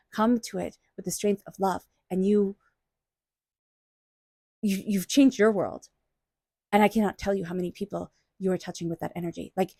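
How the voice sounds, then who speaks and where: A woman giving a tarot reading in a gentle, soothing, affirming way. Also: medium pitch, dry recording, studio quality. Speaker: tarot reader.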